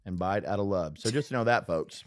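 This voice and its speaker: A man's voice: lowish voice, expressive, normal speed, dry recording, studio quality. A young man, a musician guest on a podcast, joking playfully in casual chat.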